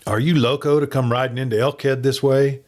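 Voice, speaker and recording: A man's voice: medium pitch, fairly even intonation, a little fast, a little mellow, voice pushed up, close to an everyday voice. A man voicing a nervous, frightened express office man who talks in anxious, urgent tones. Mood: fearful. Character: nervous male express clerk, fretful and scared.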